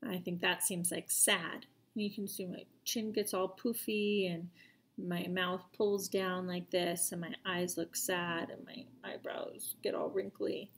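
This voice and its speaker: A woman teacher giving a video lesson to children, speaking gently and patiently and asking them questions directly. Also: fairly low pitch, level tone, unhurried.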